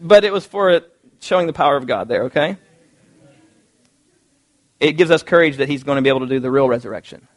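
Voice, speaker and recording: A man preaching a sermon, reading scripture aloud and acting out quotes in a lively, conversational way. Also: mid-range voice, fast, long pauses. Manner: animated, conversational, acts out quotes.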